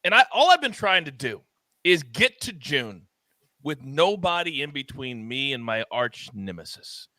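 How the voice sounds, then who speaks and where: A man's voice: medium pitch, big pitch swings, unhurried, sharp tone, no echo. A man on a golf podcast trash-talking a rival panelist, gleeful and taunting. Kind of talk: trash talk and casual banter. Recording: dry close mic.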